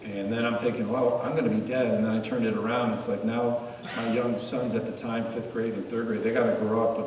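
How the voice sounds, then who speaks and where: A man's voice: lowish voice, little pitch movement, fairly quick, background noise. A middle-aged man giving a talk, telling his story earnestly with wry humor. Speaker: guest speaker. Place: meeting hall. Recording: echoey hall, mic far off.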